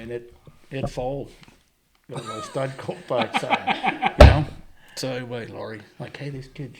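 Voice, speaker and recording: A man's voice: mid-range voice, noisy background. A man, a guest on a chat show, telling a rambling story and acting out the dialogue of the people in it. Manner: rambling anecdotes, acting out quoted dialogue, chuckling. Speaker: guest, horse and pony trader. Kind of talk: casual storytelling in conversation.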